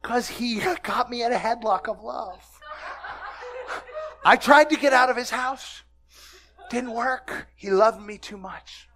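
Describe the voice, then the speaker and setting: Taking his time, a high-voiced pastor delivers a lively, funny sermon, asking the congregation questions. He keeps breaking into laughs and shouted exclamations.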